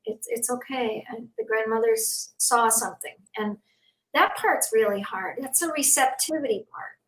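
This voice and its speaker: An older woman hosting a casual conversation, speaking in an earnest, gentle way. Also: fairly high pitch, expressive, normal speed. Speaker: host. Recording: echoey, distant from the mic.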